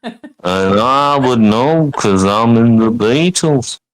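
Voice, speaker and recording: A man's voice: medium pitch, expressive, slow, no room sound, pitched below the performer's own voice, poor audio. A man doing a comic impression of a whimsical, boastful male Beatle with a put-on Liverpool accent.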